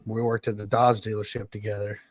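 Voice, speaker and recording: A man's voice: lowish voice, flat delivery, fairly quick, dry recording. A man with a Southern Georgia accent, co-hosting a podcast in casual chat, rambling through stories and laughing often. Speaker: podcast co-host.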